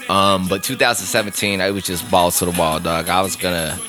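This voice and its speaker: A man's voice: low-pitched, flat delivery, fairly quick, over music. A man hosting his own podcast, talking alone in a candid, rambling way with lots of swearing and filler words. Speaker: podcast host. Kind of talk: solo casual monologue.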